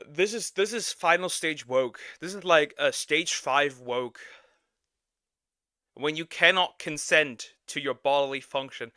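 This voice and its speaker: A young man streaming a reaction video, ranting loudly and swearing in exasperation. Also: on the high side, a little slow, dry recording, studio quality. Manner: loud, exasperated, swearing rant. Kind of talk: reaction commentary.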